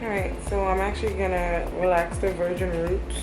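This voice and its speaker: A woman's voice: fairly low pitch, flat delivery, moderate pace, recorded from a distance. A young woman and hairstylist talking candidly to camera in a casual vlog, chatty and full of "like". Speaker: hairstylist and vlogger. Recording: roomy echo, faint music.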